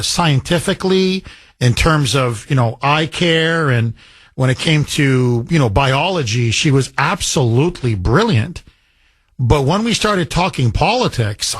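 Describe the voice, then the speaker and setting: Husky radio host. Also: male voice, a little high, a bit bright. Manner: rambling, emphatic, frequent fillers and restarts. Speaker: radio talk show host. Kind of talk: talk radio monologue and caller exchange.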